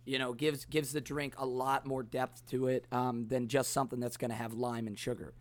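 A man's voice: mid-range voice, little pitch movement, normal speed. A man hosting a casual cocktail podcast, talking in a rambling way with many fillers. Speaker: podcast host. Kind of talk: casual chat about cocktails.

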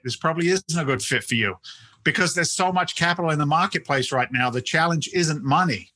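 A man's voice: fairly high pitch, brisk, pushed and bright, no room sound. A middle-aged man from England with a London accent mixed with American, talking animatedly as a guest in a casual interview and often repeating words as he restarts his sentences. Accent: London English mixed with American. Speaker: real estate investment CEO, guest.

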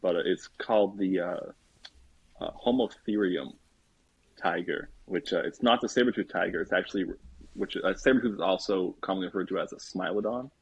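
A man's voice: sits low, brisk, slightly rough. A man co-hosting a casual podcast, hesitant with lots of fillers. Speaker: podcast co-host. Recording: dull dry mic sound.

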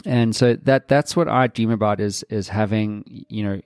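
A man's voice: on the low side, moderate pace, darkish tone, smooth, dry recording, studio quality. A man hosting a podcast in casual chat, reflective and swearing casually. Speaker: podcast host.

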